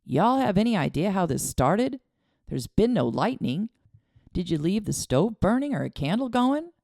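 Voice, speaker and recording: A woman voicing a calm, practical sheriff investigating a fire in an audiobook. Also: mid-range voice, normal speed, creaky, no echo, clean studio sound, voice pushed up.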